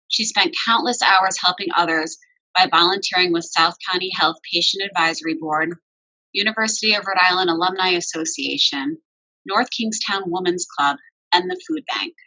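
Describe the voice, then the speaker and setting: A woman's voice: lowish voice, sharp tone, low-quality recording. A woman hosting a tribute event, reading prepared introductions of the honorees. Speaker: event host.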